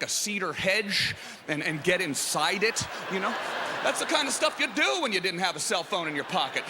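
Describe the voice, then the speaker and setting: A man from Canada doing stand-up and hosting, animated and prone to shouting out bits. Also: sits high, a little hiss or hum. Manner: animated, shouts and mimics kids yelling. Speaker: stand-up comic and host. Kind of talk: stand-up comedy. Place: comedy club stage. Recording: live room with loud crowd.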